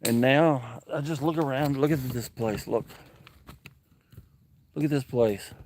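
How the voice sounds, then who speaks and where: A man talking to viewers on a camping livestream outdoors, heartfelt and openly thankful, with a mid-pitched everyday voice. He talks easily and plainly, reading out comments as they come in. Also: unhurried, darkish tone, slight background noise. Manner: earnest, emotional, thankful, reads viewer comments aloud. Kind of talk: casual livestream chat. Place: outdoors at a woodland campsite.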